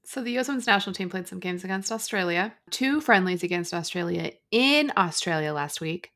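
A woman's voice: lowish voice, animated, a little fast, fairly bright tone. A woman co-hosting a casual sports podcast, explaining things steadily with dry humor. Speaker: podcast co-host.

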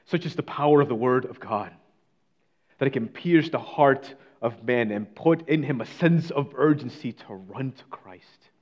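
Dramatic preacher dropping to near-whispers. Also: male voice, medium pitch, a little slow, highs cut off. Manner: dramatic, swings from declaiming to hushed near-whisper. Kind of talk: sermon.

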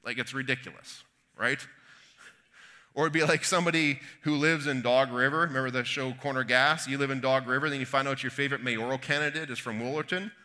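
A man's voice: medium pitch, fairly even intonation, a little fast, pushed and bright. A man from Canada preaching a conversational sermon, retelling a Bible story with folksy asides and quoted voices. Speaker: pastor.

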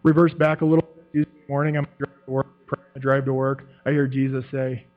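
A man's voice: mid-range voice, level tone, fairly quick, soft background music. A man giving a testimony to a church group, telling his story with animation, acting out quotes and laughing often. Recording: tinny phone-like sound with mains hum.

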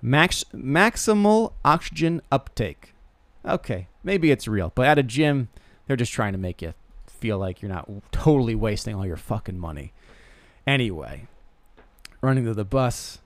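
A man's voice: fairly low pitch, expressive, moderate pace, no echo. A young man hosting a podcast, telling rambling self-deprecating comic stories with lots of stammered restarts. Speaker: podcast host. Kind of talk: casual comedic monologue.

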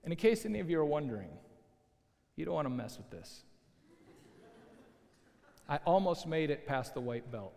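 Animated storytelling pastor in a hall. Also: male voice, fairly high pitch, moderate pace, gravelly, pauses often. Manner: animated, conversational storytelling with asides. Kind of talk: storytelling sermon. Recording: long hall reverb.

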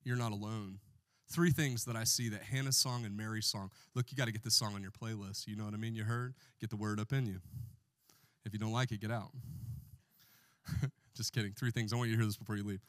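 A man's voice: lowish voice, steady tone, fast, a bit bright, no echo, studio quality. A man preaching a sermon as pastor in a church, joking with the congregation and calling for responses.

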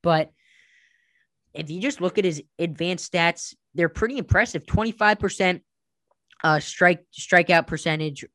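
A man co-hosting a casual sports podcast, animated and heavy on statistics. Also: high voice, a little slow, no echo. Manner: stat-heavy, animated, jokingly does an impression. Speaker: podcast co-host.

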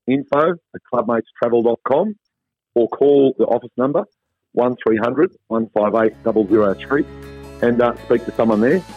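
An Australian man talks through a tinny, phone-like line. His delivery is relaxed and chatty, with an upbeat lift as he explains things. The sound is dry and close. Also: medium pitch, slightly rough, no room sound. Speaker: travel company guest. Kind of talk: phone interview.

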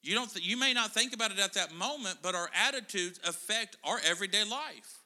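Joking middle-aged preacher in a church hall. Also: male voice, high-pitched, lively intonation, a little fast, bright, forceful tone. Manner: chatty, joking with the congregation. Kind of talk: casual sermon.

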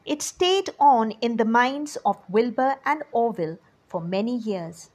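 Speaking directly to children, a woman expressively reads them a story. She goes slowly, and her breathy, fairly high voice rises and falls in a lively way.

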